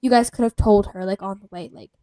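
A woman's voice: mid-range voice, fast, warm tone, no echo. A young woman chatting casually with her cousins, speaking in a hesitant, fragmented way with many "like" fillers. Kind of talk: casual chat among cousins.

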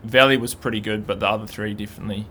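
A man's voice: on the low side, steady tone, racing, pushed and bright, slight background noise. A man chatting casually about a race, hesitant and thoughtful with many fillers. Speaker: downhill racing pundit. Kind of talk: casual chat.

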